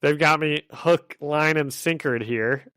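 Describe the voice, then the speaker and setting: A man co-hosting a podcast, excitedly recapping a comic issue in casual chat, thinking aloud and laughing easily. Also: a little high, unhurried, clear, resonant tone, dry recording. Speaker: podcast co-host.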